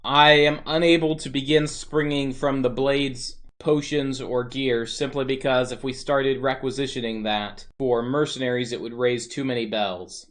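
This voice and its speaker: A man playing a stern commander who briefs hired fighters for a tabletop fantasy game. He speaks formally and weighs each word, with a voice of ordinary middle pitch. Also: fairly even intonation, moderate pace, hardly any pauses, fairly bright tone, natural voice.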